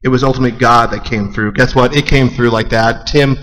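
A young man preaches from the front of a large church hall, his voice bright and forceful. He swings from hushed, low lines to loud, high bursts. A long reverb trails each phrase. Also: fairly even intonation, a little fast. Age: young adult. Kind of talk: sermon.

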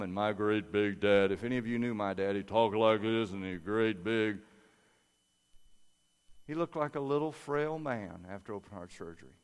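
A man's voice: medium pitch, smooth. A man preaching a sermon through a personal story, talking conversationally and acting out family members' voices. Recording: long hall reverb.

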